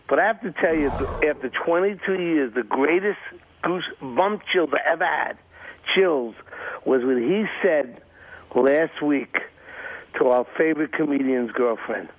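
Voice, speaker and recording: A man's voice: fairly high pitch, a little slow. A man calling into a radio show, rambling breathlessly through his comment. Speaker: caller. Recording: tinny phone line.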